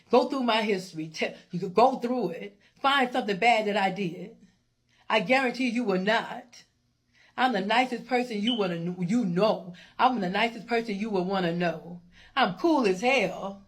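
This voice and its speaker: A woman's voice: mid-range voice, normal speed, no echo. A middle-aged woman gives an emotional rant to camera as a social media poster, talking in an emphatic, repetitive, confrontational way.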